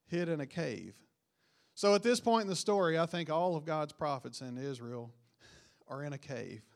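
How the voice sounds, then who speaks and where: A man preaching a sermon, retelling a Bible story with rising emphasis and quiet, dropped line endings. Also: fairly high pitch.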